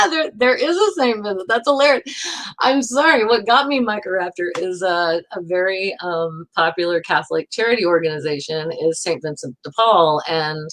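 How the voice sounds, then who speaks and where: Rambling woman livestreamer, lowish voice. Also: fairly bright tone. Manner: rambling, laughing, answers chat comments. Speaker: livestream host. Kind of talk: casual livestream chat with viewers.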